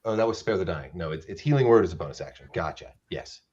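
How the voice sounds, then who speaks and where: A man running a tabletop role-playing game as dungeon master, talking in halting bursts with many restarts. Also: low-pitched, lively intonation, a little mellow, breathy edge, dull audio.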